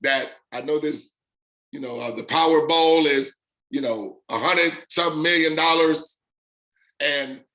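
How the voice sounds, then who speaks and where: Emphatic man with a higher voice. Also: measured pace, pushed and bright. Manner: emphatic, repeats phrases in punchy lists. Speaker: host of an online business community. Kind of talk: unscripted live talk.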